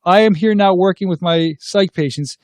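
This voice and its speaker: A man's voice: sits high, normal speed, no room sound, studio quality. A man in his thirties hosting a live talk show, animatedly telling a personal story and reading viewer comments. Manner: animated, acts out dialogue in his anecdotes; reads viewer comments aloud. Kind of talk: casual livestream storytelling.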